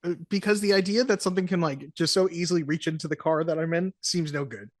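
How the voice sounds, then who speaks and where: A podcast co-host chatting casually about a film, animated and jokey, often slipping into quick mock voices. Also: medium pitch, no room sound, studio quality. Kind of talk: casual movie-review chat.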